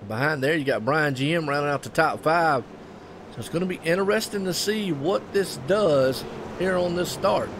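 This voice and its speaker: A man from North Carolina with a Southern US accent, calling a live race in a chatty, excitable play-by-play that keeps turning to folksy asides to viewers. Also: on the high side, normal speed, background noise. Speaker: race commentator.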